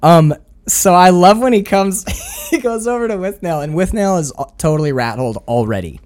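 A man's voice: high-pitched, expressive, a little fast, a little mellow. A man co-hosting a casual film podcast, talking animatedly, swearing and acting out quoted lines. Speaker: podcast co-host.

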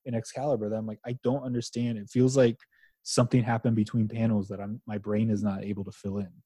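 A man with a mellow, slightly husky voice talks comics on a podcast, restarting sentences and swearing as he gets excited. The sound is close and dry, with no room around him. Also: lowish voice, fast, dry recording. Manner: animated, swearing, trailing restarts. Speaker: podcast co-host. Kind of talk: casual chat about comics.

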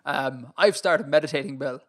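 An Irish man co-hosting a podcast in casual chat, talking in an animated, ranting way and laughing often. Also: mid-range voice, moderate pace. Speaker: podcast co-host.

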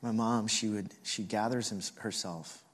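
A man preaching a sermon, telling a family story and acting out the voices of his relatives with lively energy. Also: on the low side, unhurried, big-room sound. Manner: animated storyteller who acts out family voices. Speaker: pastor.

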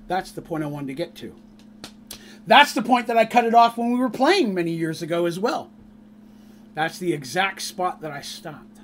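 High-voiced, upbeat streaming game master. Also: male voice, expressive, moderate pace, a little hiss or hum. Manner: upbeat, chatty, teasing laughs. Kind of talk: casual stream chat.

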